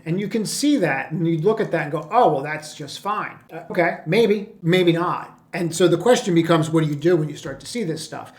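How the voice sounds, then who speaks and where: A man with a slightly raised voice talks through stock charts as a trading coach. His delivery is brash and blunt, casual and full of restarts as he explains his reasoning. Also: a little high. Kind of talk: screen-share market commentary.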